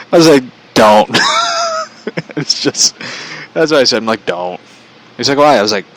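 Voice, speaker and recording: A man's voice: medium pitch, fairly bright tone, low-quality recording. A man casually telling a personal story, chatty, relaying a conversation line by line and laughing often.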